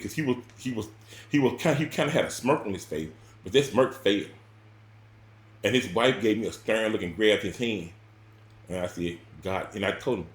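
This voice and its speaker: A man telling a personal story in casual spoken style, rambling and repeating words, with sudden loud bursts and quiet drops. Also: fairly low pitch, reverberant, a little hiss or hum.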